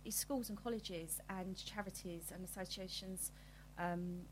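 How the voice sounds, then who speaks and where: A woman's voice: lowish voice, fairly even intonation, measured pace, slight background noise, low-quality recording. Earnest woman, radio guest. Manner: earnest, explanatory, hesitant fillers. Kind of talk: radio interview.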